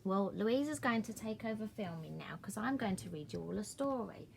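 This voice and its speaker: A middle-aged woman reading a picture book aloud in a sing-song, gently coaxing way. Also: mid-range voice, animated, moderate pace, vocal fry, a little hiss or hum. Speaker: storyteller.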